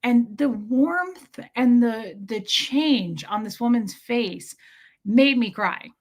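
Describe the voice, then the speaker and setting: Speaking slowly in a slightly high, animated voice, a content creator runs a laid-back livestream. Her story wanders, and she keeps interrupting herself to say hello to people in the chat.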